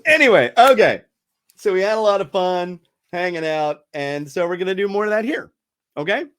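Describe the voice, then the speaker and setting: A man's voice: sits high, fairly quick, clean tone. A middle-aged man hosting a casual podcast, chatty and rambling, laughing often and restarting his sentences. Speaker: radio host.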